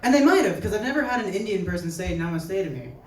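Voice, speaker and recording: A young man doing stand-up at a live show, his voice a little higher than most men's. He talks in a chatty, conversational way and briefly acts out the people he quotes. The room is echoey and he sounds a little far from the recorder. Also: sing-song, quick pace, a crowd in the background. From New Jersey. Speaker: stand-up comedian. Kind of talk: stand-up set. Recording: echoey venue heard from afar.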